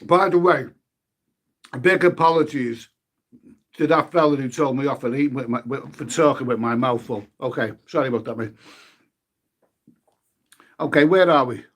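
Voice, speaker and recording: A man's voice: medium pitch, moderate pace, pauses often, a bit bright. A man chatting casually on a live stream, eating as he talks and reading viewer comments aloud. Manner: chatty, eats while talking, swears mildly, reads viewer names aloud.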